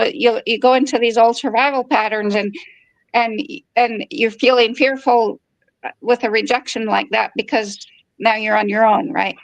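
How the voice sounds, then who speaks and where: This podcast host, a woman in her fifties, has a fairly high voice and shares a personal story frankly, acting out dialogue as she goes. The recording is rough and lacks any room sound.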